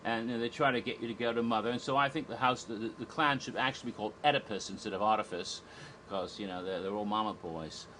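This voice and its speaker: Guy rambling through a review, bright sharp voice, lots of restarts and chuckles. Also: on the low side, quick pace, slight background noise, rough recording. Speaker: theme park reviewer. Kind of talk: casual spoken review.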